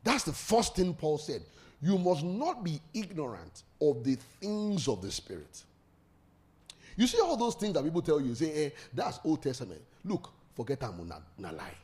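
A man's voice: on the high side, very animated, normal speed, darkish tone. A man preaching a sermon, leading call-and-response and laughing often.

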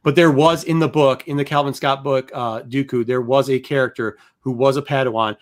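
A man hosting a casual book-review podcast. He talks with emphatic energy, repeats his points to drive them home and tells stories with gusto. His voice sits at a middling male pitch. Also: a little fast. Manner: animated, emphatic storyteller. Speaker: podcast host.

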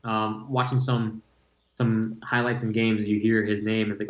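A man co-hosting a casual podcast in a lower voice, halting and restarting often. His audio is roomy and dull, with the treble rolled off. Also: level tone. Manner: halting, many ums and restarts. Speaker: podcast co-host.

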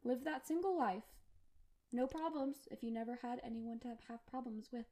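A chatty young woman co-hosts a podcast, her voice a touch higher than most. She jokes often and fills her talk with "like". A faint hiss sits under the recording. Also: normal speed, mellow. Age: young adult. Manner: chatty, filler-heavy, jokey. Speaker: podcast co-host. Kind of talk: casual chat.

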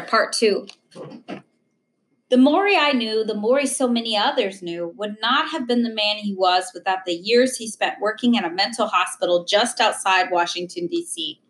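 A woman reading a memoir aloud at a slow, measured pace. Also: medium pitch. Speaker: audiobook reader. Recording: echoey room.

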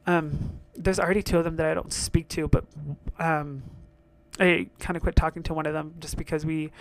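A man's voice: a little high, no echo. A young man hosting his own show, talking in a blunt, profane, exasperated rant. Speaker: solo podcast host. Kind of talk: casual rant monologue.

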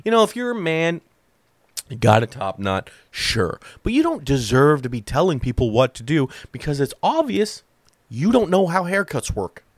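Animated, profane male comic storyteller. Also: a little high, moderate pace, no room sound. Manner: profane, animated, acts out other people's lines. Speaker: comedian. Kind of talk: stand-up storytelling.

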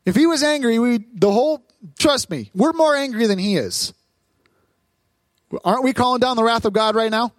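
A man, a pastor, preaching a lively sermon at a church service, asking the crowd questions and acting out voices. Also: very high voice, no echo.

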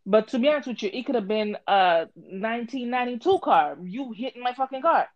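A woman telling a story in casual chat, animated and swearing, acting out both sides with a voice she calls harsh. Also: fairly high pitch, brisk, no echo, highs cut off. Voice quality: harsh-sounding voice.

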